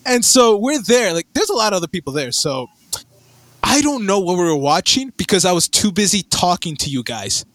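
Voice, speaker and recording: Young male podcast co-host, high voice, dry close sound, rambling and excitable. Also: brisk, no room sound. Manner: rambling, excitable, stammering restarts. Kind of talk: casual chat.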